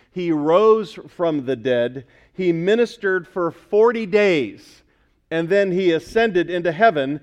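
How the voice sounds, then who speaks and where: A male pastor preaching a sermon in a conversational way, asking the congregation questions as he goes. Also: sits high.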